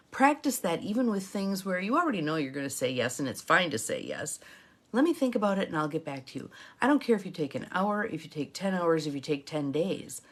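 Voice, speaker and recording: A middle-aged woman coaching viewers in a live talk, emphatic and repeating her key phrases. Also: fairly low pitch. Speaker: intuitive guidance coach.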